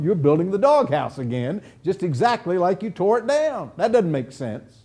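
A man's voice: high voice, big pitch swings, normal speed, a little mellow, slightly rough. A male preacher teaching a sermon verse by verse, emphatic and fond of rhetorical questions. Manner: emphatic, pounding home points with rhetorical questions.

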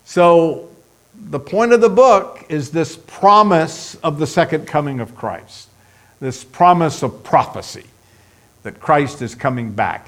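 A man preaching a sermon, emphatic and repetitive, speeding up as he lists points. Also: fairly high pitch. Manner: emphatic, repeats points for stress, speeds up when listing. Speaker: pastor.

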